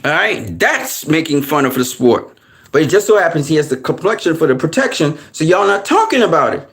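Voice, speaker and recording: Fired-up man ranting, high and animated. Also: brisk. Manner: angry, heated, profane ranting. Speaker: boxing commentator. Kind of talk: ranting commentary.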